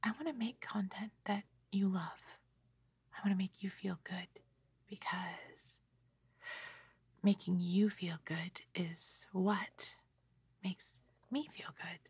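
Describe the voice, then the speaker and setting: A tired middle-aged woman rambles in a whispered ASMR style, soft and gently self-mocking. Her whisper is airy and husky with a gravelly edge. She takes her time, and she sits close to a dry microphone. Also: mid-range voice, fairly even intonation, slow pace, pauses often, no echo. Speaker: ASMR creator.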